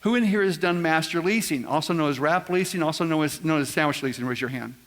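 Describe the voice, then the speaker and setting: A man's voice: on the high side, fast talker. A man giving a live seminar talk, quizzing the audience in a folksy, joking way. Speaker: seminar speaker. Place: large event room with audience. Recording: long hall reverb.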